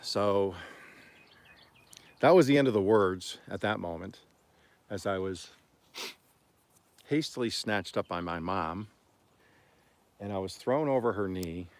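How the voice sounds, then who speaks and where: A man from Oklahoma hosting a homestead livestream, telling stories in a rambling, folksy way and often clearing his throat. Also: sits low, slow, long pauses. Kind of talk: casual storytelling on a livestream.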